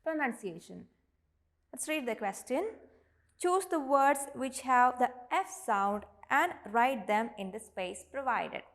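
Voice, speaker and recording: Indian english lady teacher, kinda high voice, goes real slow, says each word out for the kids. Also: lively intonation, fairly bright tone. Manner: slow, deliberate, models each word aloud. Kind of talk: online classroom lesson.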